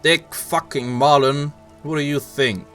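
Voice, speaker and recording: A man with a German accent voicing a furious, foul-mouthed police partner who shouts and swears. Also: medium pitch, moderate pace, faint music behind, voice pushed up, natural voice. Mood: angry, mocking.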